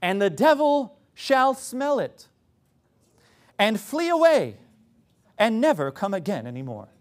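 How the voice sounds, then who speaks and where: A pompous, would-be learned reader, as a preacher puts him on intones old scripture in a mock British accent. His voice sits high for a man, and each line comes out with mock-solemn weight. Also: sing-song, takes it slowly, heavily acted. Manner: mock-solemn, pseudo-intellectual.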